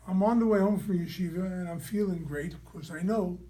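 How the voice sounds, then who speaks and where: A man, a rabbi, teaching a class through an animated personal story and checking in with his listeners. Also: sits high, fairly quick. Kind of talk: storytelling lecture.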